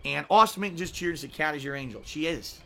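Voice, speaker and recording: Hosting a live-stream podcast from home, a man reads viewer messages and signs off, earnest, emotional and close to tears, casual with swearing and filler words. His voice is on the high side, fast, gravelly and a bit bright, with lively intonation and slight background noise.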